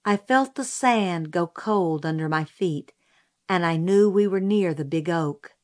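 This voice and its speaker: A woman narrating an audiobook in a measured, steady storytelling manner. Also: lowish voice.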